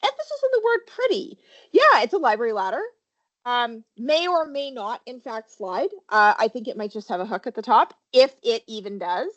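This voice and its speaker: A woman safety trainer presenting a webinar, her fairly high voice rising and falling with lively emphasis. She keeps asking her listeners questions as she goes. The audio is muffled and lo-fi. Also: moderate pace. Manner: animated, quizzes listeners with questions.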